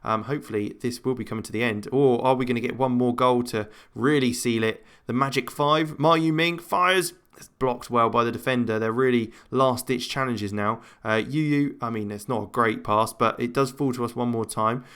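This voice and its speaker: Guy doing chill let's-play commentary on a football game, rambly, lots of ums, average pitch. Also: fairly even intonation, brisk, hardly any pauses, fairly bright tone, smooth. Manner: chatty, rambling match commentary with self-talk and frequent fillers. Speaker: gaming channel host.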